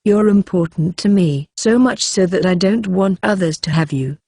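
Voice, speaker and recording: A woman voicing a reserved young male adventurer who talks in a halting, plain way in an audiobook. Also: lowish voice, mellow, slightly rough, no room sound, clean studio sound. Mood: earnest. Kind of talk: audiobook character voice.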